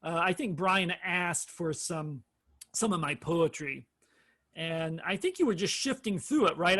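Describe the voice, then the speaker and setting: A man's voice: sits high, fairly bright tone. A man co-hosting a podcast, rambling casually, laughing often and restarting his sentences. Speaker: podcast co-host. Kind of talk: casual chat.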